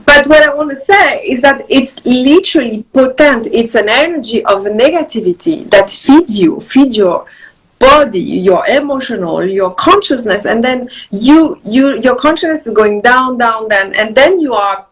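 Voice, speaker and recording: A French woman, a wellness author appearing as a guest, speaks earnestly about balance and meditation over a casual video call from her countryside home, repeating words as she goes. Her fairly high voice is expressive and slightly rough at a moderate pace, and the recording is rough.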